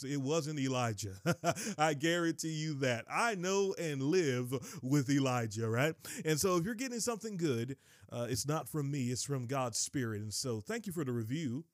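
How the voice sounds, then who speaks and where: A man from North Carolina with a rural Southern accent, hosting a casual Bible teaching podcast in a lively, folksy way, rushing through asides and slowing down for scripture. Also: on the high side, no echo, clean studio sound. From Kinston, North Carolina, USA. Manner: lively, folksy, swings between fast asides and slow emphatic reading.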